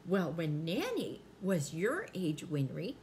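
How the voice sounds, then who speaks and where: Animated grandmother reading to children. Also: fairly low pitch, slight background noise. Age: older. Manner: playful, drawn-out punchlines. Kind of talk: bedtime read-aloud for young children.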